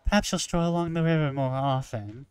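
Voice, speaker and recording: A man's voice: on the high side, fairly quick, clean tone, no room sound. A man reading a story game aloud and adding wry, joking asides. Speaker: gamer.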